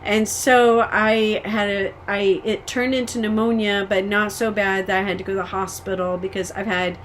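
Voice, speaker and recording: A woman's voice: mid-range voice, flat delivery, normal speed, a little hiss or hum. A woman from the United States giving a casual personal update as a vlogger, venting frustrations candidly and rambling with frequent ums and restarts.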